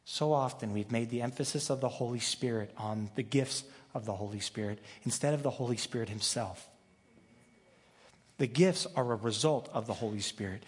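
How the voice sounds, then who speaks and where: Conversational pastor in a reverberant church. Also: male voice, mid-range voice. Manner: conversational and joking, with frequent restarts. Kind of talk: sermon. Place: church sanctuary.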